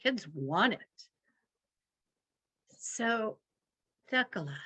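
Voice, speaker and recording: Slow-paced woman coaching couples. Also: mid-range voice, animated, fairly bright tone, lo-fi sound. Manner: guides couples step by step, acts out example phrases. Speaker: marriage workshop leader. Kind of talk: live coaching session.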